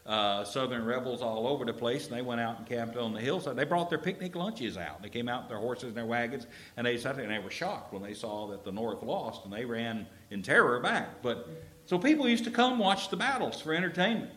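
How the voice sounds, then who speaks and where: Animated preacher in a roomy hall. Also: male voice, mid-range voice, fairly quick. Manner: animated storytelling, acts out quoted characters. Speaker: pastor. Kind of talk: sermon. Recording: roomy echo.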